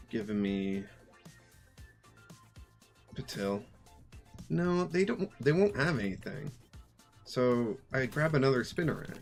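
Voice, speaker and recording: A man's voice: medium pitch, gravelly. A man casually commentating his own online card game, muttering to himself and chuckling often. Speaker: streamer playing a card game.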